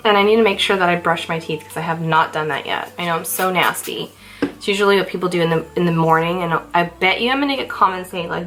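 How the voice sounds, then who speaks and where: A woman's voice: fairly low pitch, quick pace, a bit bright, low-quality recording. A young woman chatting casually through her makeup routine in a vlog, self-mocking and a little out of breath. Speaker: beauty vlogger. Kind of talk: casual get-ready-with-me makeup chat. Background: faint background music.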